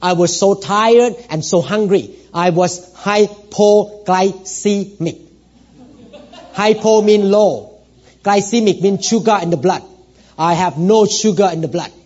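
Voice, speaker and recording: A middle-aged man preaching a sermon as pastor, earnest, moving from hushed storytelling to loud exhortation and calling for amens. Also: sits high, slow. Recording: dull lo-fi church recording.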